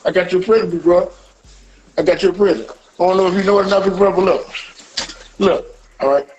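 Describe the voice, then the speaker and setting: Brief: quick, high-pitched man, loose rambling banter over faint music. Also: steady tone, darkish tone, highs cut off, slight background noise. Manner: rambling, repeats "you hear me". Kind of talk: casual banter.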